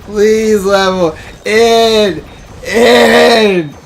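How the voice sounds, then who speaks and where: A man's voice: high-pitched, very slow, vocal fry, slight background noise. A man giving casual commentary while playing a co-op game, exasperated and exclaiming, laughing often. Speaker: co-host gamer.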